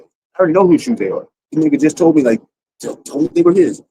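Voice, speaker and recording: A man's voice: fairly high pitch, animated, fast talker, warm tone, slightly rough, no room sound, low-quality recording. A man telling a rambling, profane story to his livestream audience in a casual way, full of restarts. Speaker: streamer.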